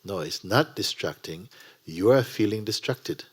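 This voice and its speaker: A man teaching a spiritual gathering in a gentle, unhurried way, often dropping to a whisper. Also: fairly low pitch, lively intonation, slightly rough. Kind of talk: sermon to a gathering. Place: satsang gathering.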